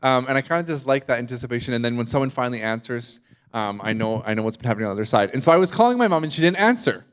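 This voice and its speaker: A man's voice: mid-range voice, animated, rapid-fire, clear, resonant tone. A Canadian man in his forties, a guest preacher giving a chatty, conversational sermon in a church, self-deprecating and asking the congregation questions. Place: church sanctuary before a congregation.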